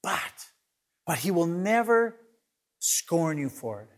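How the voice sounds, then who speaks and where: High-voiced earnest male preacher. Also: very animated, takes it slowly, slight background noise. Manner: earnest, repeats words as he builds each point; swings between loud emphasis and soft hushed lines. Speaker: pastor. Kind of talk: sermon.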